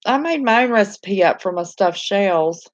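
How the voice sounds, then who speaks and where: A woman's voice: medium pitch, animated, normal speed, dry recording, muffled recording. A woman with a Southern American accent chatting casually on a live stream, reading and answering viewer comments in a homey, talkative way and laughing easily. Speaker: channel host reading live chat.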